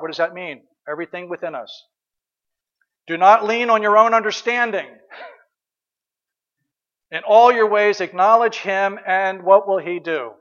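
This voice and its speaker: A man's voice: sits high, a bit bright, lo-fi sound. A man preaching a sermon, asking his listeners questions and repeating short prayers over and over.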